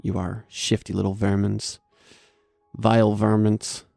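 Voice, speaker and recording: A man's voice: on the low side, monotone, measured pace, vocal fry, mellow, dry recording, soft background music. A man voicing a spiteful monstrous male creature that screeches, spits and talks in broken phrases. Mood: snarling. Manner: screeching, spitting, broken grammar.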